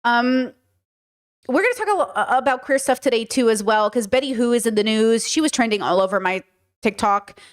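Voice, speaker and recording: A woman hosting a podcast livestream, chatting casually in a rambling, animated way with lots of fillers. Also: fairly high pitch, brisk. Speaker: podcast host.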